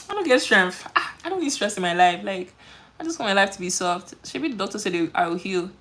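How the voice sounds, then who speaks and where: A woman's voice: mid-range voice, expressive, normal speed, a bit bright. A woman, chatting animatedly while doing her makeup on a livestream, full of quoted voices and laughter. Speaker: beauty livestream host.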